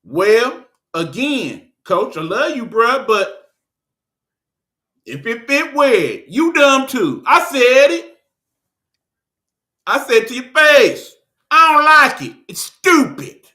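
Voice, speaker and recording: A Detroit man hosts his own show and rants about people's habits. His voice sits high and sounds very bright and sharp. He talks in an unhurried, blunt, scolding way, swearing and joking as he goes. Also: sing-song. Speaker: online show host. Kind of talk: casual ranting monologue.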